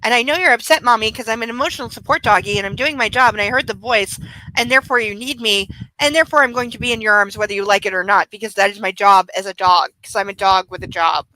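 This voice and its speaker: A woman's voice: mid-range voice, quick pace, pushed and bright, voice pushed down, close to an everyday voice, poor audio. A woman voicing her little emotional support dog, explaining his job in earnest, rambling dog logic. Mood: insistent.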